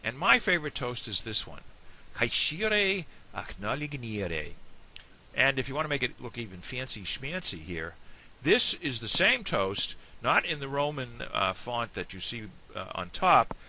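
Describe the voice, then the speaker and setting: A man's voice: mid-range voice, very animated, normal speed, sharp tone, slight background noise. A man with an American accent giving a casual, digressive video lesson. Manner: chatty, digressive. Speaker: Irish language teacher.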